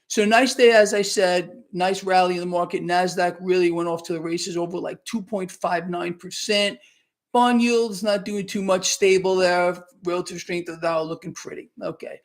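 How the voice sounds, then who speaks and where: A man's voice: high voice, steady tone, moderate pace. A man hosting a live market wrap-up stream, talking in an emphatic, sarcastic, conversational way and taking viewers' questions. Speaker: market commentary host. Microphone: new microphone.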